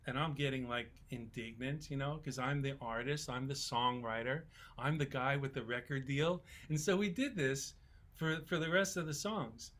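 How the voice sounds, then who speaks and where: A man in his sixties, a songwriter on a festival panel, telling relaxed, folksy stories in casual talk. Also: fairly high pitch, normal speed.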